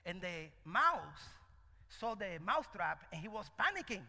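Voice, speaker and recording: A man's voice: high voice, a little slow, gravelly. A man preaching a sermon, asking the congregation questions and telling a parable. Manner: animated, call-and-response questions. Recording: echoey hall.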